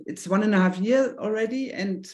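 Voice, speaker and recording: A woman's voice: mid-range voice, normal speed, darkish tone, muffled recording. A middle-aged woman with a German accent, a native German speaker, hesitantly and nervously asking a teacher a personal question over a video call. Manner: hesitant, nervous, searching for words.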